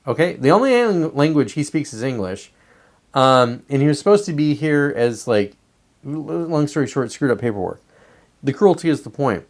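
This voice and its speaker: A man's voice: medium pitch, expressive, moderate pace. A man hosting a show, delivering a blunt, profanity-laced political commentary monologue. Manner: profane, emphatic ranting. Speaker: podcast host.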